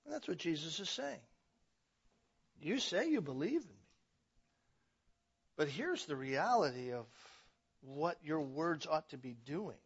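A man preaching a sermon as pastor, emphatic, building to loud passionate stretches. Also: on the high side, sing-song, measured pace, gravelly, pauses often, husky, dull audio.

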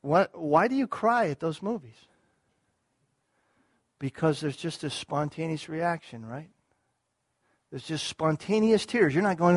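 High-voiced man preaching a sermon. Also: expressive, measured pace, long pauses. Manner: earnest preaching, repeats key words, small restarts. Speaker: pastor.

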